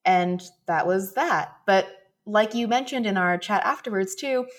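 A young woman co-hosting a podcast, telling personal stories in a relaxed, chatty way. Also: medium pitch, a little slow. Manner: anecdotal, laughs while telling stories. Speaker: podcast co-host. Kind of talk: casual chat, storytelling.

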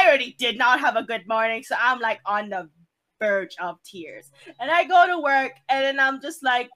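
A woman's voice: fairly high pitch, bright, forceful tone, poor audio. A woman co-hosting a podcast, telling a story in casual chat, swearing often and laughing along. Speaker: podcast co-host.

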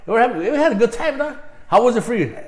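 A man's voice: very high-pitched, lively intonation, racing, reverberant. A middle-aged man co-hosting a podcast in casual chat, loose and profane, dropping Spanish words into his talk. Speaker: podcast co-host.

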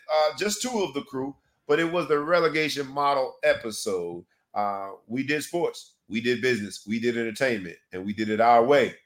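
A man co-hosting a relaxed sports talk show, his voice bright and forceful. He talks in an animated, hype-building way and strings together long, rambling pleas to the audience. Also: on the high side. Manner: rambling sign-off with repeated pleas. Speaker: podcast co-host.

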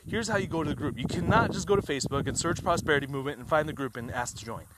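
Upbeat man pitching a trading group. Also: racing, very noisy. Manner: emphatic, repeats points, asks rhetorical questions. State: a little out of breath. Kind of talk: enthusiastic sales pitch.

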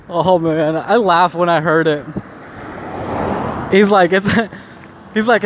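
A man's voice: sits high, takes it slowly, long pauses, background noise. A man talking casually to the camera outdoors, rambling with many restarts, swearing and laughing often. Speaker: vlogger.

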